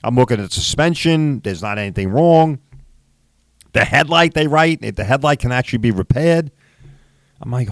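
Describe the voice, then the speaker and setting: Telling a story on his podcast, a middle-aged man who runs a body shop delivers a profane, emphatic rant and often throws in "right?". He speaks at a moderate pace in a mid-range voice with lively intonation, and there's no echo.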